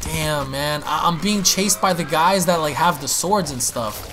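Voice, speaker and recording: A man giving excitable, profane live commentary while playing a zombie shooter, often repeating his words. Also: on the high side, a little slow, background noise. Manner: excitable, swears, exclaims and repeats himself. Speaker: gaming YouTuber.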